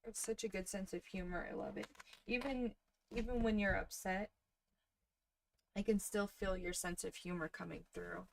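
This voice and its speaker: A woman in her thirties hosting a crafting livestream, chatting softly and casually with her viewers while she works. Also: mid-range voice, fairly even intonation, normal speed, vocal fry, slight background noise. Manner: soft-spoken, chatty, talks to viewers in the chat.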